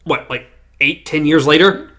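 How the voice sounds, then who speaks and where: A man's voice: fairly high pitch, moderate pace, bright, forceful tone. A man co-hosting a podcast, retelling a TV episode in casual chat and acting out the scenes with animation. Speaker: podcast co-host.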